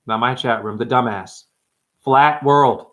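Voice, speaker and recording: In a mid-range, slightly bright voice, a livestream host addresses his chat with brash, rambling talk. Cursing freely, he labels viewers "honey" and "dumbass" and darts from subject to subject in rapid asides.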